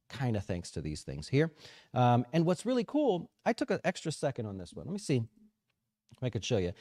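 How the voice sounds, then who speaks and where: Animated man chatting about the markets. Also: medium pitch, no room sound, clean studio sound. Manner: chatty, animated, says "right?" often. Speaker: financial advisor show host. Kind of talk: casual market commentary.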